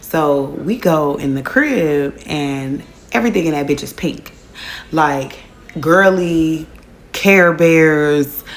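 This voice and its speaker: A young woman telling a casual storytime, slangy and loose, filling her speech with "like" and "whatever". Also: deep voice.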